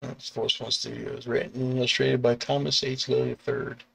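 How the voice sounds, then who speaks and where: A middle-aged man, a comic artist and bus driver, chatting casually on a live stream, rambling with restarts and chuckles and acting out quoted lines in sudden high yelps. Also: flat delivery, moderate pace, vocal fry, fairly bright tone. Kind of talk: casual live-stream chat about artwork.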